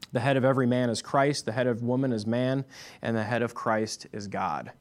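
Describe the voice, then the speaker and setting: A man preaching a sermon as pastor, emphatic and repeating his key points. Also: medium pitch.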